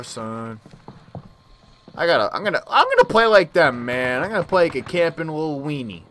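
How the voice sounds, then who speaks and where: A gaming YouTuber gives casual gameplay commentary, trash-talking with lots of slang in a slightly high, animated voice at normal speed. Game gunfire is loud in the background, with slight background noise as well.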